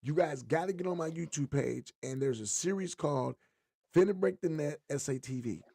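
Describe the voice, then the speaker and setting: Gravelly, husky-voiced man joking around. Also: on the high side, normal speed. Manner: animated, joking storyteller. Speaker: podcast co-host. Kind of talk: casual chat.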